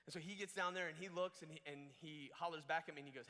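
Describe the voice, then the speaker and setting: A young man telling a funny story in a youth camp sermon, animated and jokey, acting out what people said. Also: a little high, fast. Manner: animated, jokey, acts out quotes in different voices. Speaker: camp speaker. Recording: echoey hall reverb.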